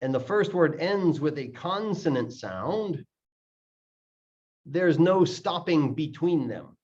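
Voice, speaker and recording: A man explains pronunciation at a slow, deliberate pace, often repeating short phrases to show how words link. His voice sits a bit high for a man. The recording is dull and lo-fi. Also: lively intonation, a little mellow. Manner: repeats words slowly to demonstrate sounds. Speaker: English pronunciation teacher. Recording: dull lo-fi audio.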